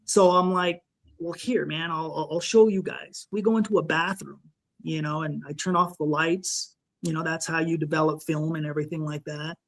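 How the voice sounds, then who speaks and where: A man guest on a podcast, recounting a frightening personal encounter in a halting, emotional way, full of restarts and "you know". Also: fairly high pitch, steady tone. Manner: shaken, emotional retelling.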